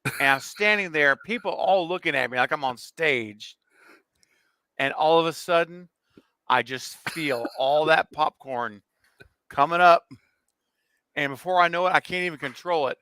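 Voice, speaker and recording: A bright, forceful male voice tells a story with energy and frequent laughs. He is in his forties and chats casually on a livestream, recorded dry and close with no room sound. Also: a little high, a little slow, pauses often, clean tone, no room sound. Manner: animated storyteller, laughs often. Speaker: co-host.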